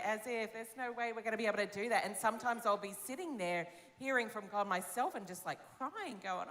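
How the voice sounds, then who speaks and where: A woman's voice: fairly high pitch, brisk, few pauses, fairly bright tone. A woman with an Australian accent, a pastor speaking candidly and with animation in an interview, acting out her own thoughts. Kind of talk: interview about giving. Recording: long reverb of a large hall.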